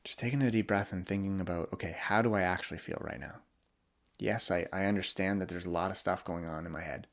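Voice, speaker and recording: Deep-voiced young guy on his podcast, talking openly, lots of restarts. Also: fairly even intonation. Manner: candid, vulnerable, halting with restarts. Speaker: podcast host. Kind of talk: personal reflective monologue.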